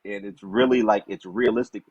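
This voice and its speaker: A man with a very low, husky voice talks about a film in an animated, slangy way. The recording is dry and dull, with a lo-fi sound. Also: normal speed, no echo. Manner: animated, slangy, repeats "you know what I'm saying". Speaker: podcast co-host. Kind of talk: casual movie review chat.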